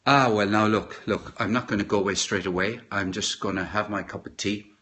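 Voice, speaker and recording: A middle-aged Irish man chatting casually on a live stream from his kitchen, rambling and halting with many fillers and restarts. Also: lowish voice, steady tone, fairly bright tone, slightly rough. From Ireland. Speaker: podcaster. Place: home kitchen.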